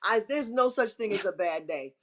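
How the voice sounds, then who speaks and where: A woman's voice: mid-range voice, animated, moderate pace, fairly bright tone. A middle-aged woman hosting a live stream, giving emphatic, repetitive, churchy encouragement. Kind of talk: inspirational live-stream talk.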